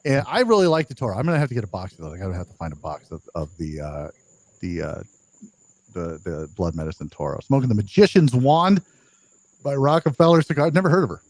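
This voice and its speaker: A man's voice: mid-range voice, sing-song, quick pace, darkish tone. An older man hosting a casual live-stream chat, chatty and laughing, reading out viewer comments, his voice a bit worn. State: losing his voice. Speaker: podcast host.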